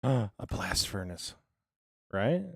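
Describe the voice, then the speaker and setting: A low-pitched man chats with his stream audience while he plays, thinking aloud and humming little filler tunes. He sounds a bit under the weather and clears his throat now and then. His voice is recorded close and dry. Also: very slow, no echo. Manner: relaxed, mumbling to himself, humming filler sounds. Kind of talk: casual live-stream chat while gaming.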